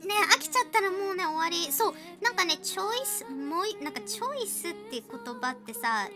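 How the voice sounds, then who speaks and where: Very high-pitched, lively bilingual woman. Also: racing, over music. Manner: switches between Japanese and English, laughs often while storytelling. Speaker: live-stream artist and host. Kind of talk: casual live-stream chat while drawing.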